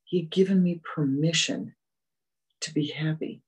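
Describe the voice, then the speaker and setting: A spiritual teacher giving a meditative dharma talk, gentle and repetitive, often fading to soft murmurs. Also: mid-range voice, normal speed, breathy edge, low-quality recording.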